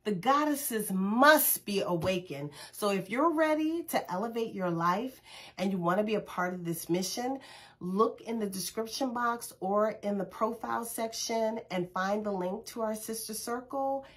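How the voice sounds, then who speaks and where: A woman leads a spiritual oracle card reading. She talks in an earnest, encouraging way, affirming her listeners. Her voice sits at an ordinary middle pitch. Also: lively intonation, measured pace, a bit bright. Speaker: host, intuitive healer.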